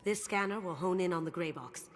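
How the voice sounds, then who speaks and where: A woman voicing a low-voiced wry thief. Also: fairly quick, over music, close to an everyday voice. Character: sly female thief, art-loving and wry. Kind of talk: video game voice acting.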